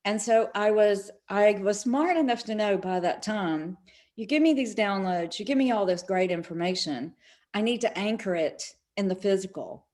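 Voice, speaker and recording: A woman's voice: mid-range voice, normal speed. A middle-aged woman, a spiritual speaker, telling stories in an interview and acting out the quoted dialogue. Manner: animated, acts out quoted dialogue. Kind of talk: storytelling in an online summit interview.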